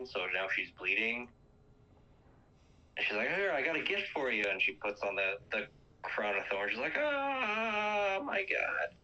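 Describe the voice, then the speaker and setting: A man's voice: low voice, pushed and bright, muffled recording. A man casually retelling a movie's plot, rambling with lots of fillers and acting out quoted lines.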